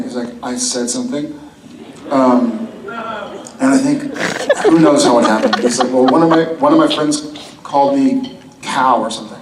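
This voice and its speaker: A man with a mid-pitched voice telling a family story in an amused, easy way. He is heard from a distance in an echoey hall with clear noise behind him. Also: normal speed, long pauses. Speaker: convention panel guest. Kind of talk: telling an anecdote on stage. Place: convention hall stage. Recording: echoey hall, far from the mic, noisy.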